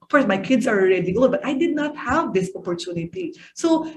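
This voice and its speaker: High-voiced woman coaching parents. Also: lively intonation, a little fast. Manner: coaching, asks the audience questions. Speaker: parenting speaker and executive coach. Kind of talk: online parenting talk.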